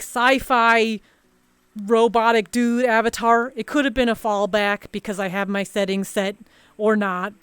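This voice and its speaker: A woman's voice: on the high side, clear, resonant tone, no echo, studio quality. A woman streamer telling a story in a casual, rambling chat full of fillers and restarts.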